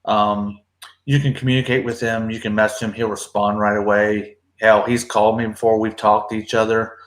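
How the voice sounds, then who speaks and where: A man with a lowish voice and flat delivery speaks at normal speed in a reverberant space. He hosts a casual livestream, laid-back and swearing freely while hyping up his guests.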